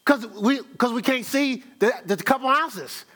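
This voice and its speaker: Preaching with a homespun, chatty feel, this male pastor lets his voice rise for emphasis and sink for side remarks, chuckling and repeating himself as he goes. His delivery runs a little slow and sounds slightly bright.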